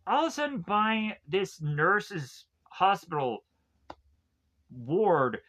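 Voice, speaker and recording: A young male movie reviewer recaps a film scene by scene in a casual, comedic way, rambling, joking, laughing at his own gags and putting on silly voices for the characters' quoted lines. His voice is high-pitched, sing-song and fairly bright, and he speaks slowly.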